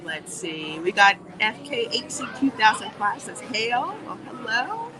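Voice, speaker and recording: A woman hosting a casual livestream while walking through a theme park, reading viewer comments and chatting in an animated way. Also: medium pitch, unhurried. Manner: chatty and animated, warm greetings, laughs often. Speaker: livestream host. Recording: noisy outdoor livestream audio. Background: park ambience and music.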